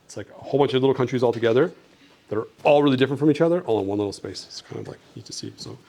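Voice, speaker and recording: A man's voice: mid-range voice, lively intonation, rapid-fire, vocal fry, warm tone. A young man from Canada chatting casually with a school class about his travels, upbeat and friendly, with lots of "like" fillers. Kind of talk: casual talk and Q&A with children.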